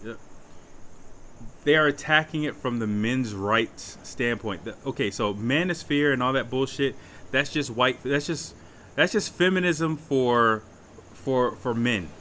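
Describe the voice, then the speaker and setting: Pushed and bright in a mid-range register, this young man comments on a livestream in a blunt, casual, profane way. He tends to repeat phrases as he searches for words, with slight background noise behind him.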